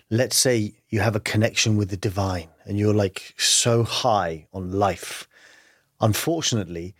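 In a candid conversational interview, a male guest with a fairly low voice muses earnestly and reflectively, working through his thoughts with many "you know" and "like" fillers. There's no echo, just clean studio sound.

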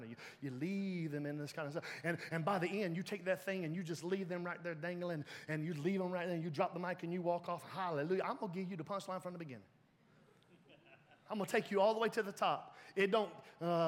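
A high-pitched male pastor preaches energetically, laughing often as he goes. The sanctuary lends the recording a reverberant hall quality.

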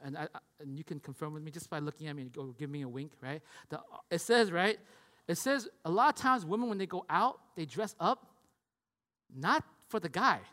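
A man's voice: fairly high pitch, brisk, pushed and bright. A man preaching a sermon in a conversational way. He keeps asking "right?" and acts out the voices of the people he describes. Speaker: pastor. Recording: long hall reverb.

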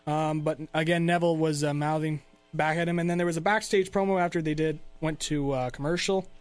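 This man talks in a notably high voice, easygoing and rambling as he recaps things for his podcast. He laughs often and keeps it loose and conversational. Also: fairly even intonation, fairly quick, clean tone, faint music behind. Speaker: podcast host. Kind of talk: casual chat recapping wrestling.

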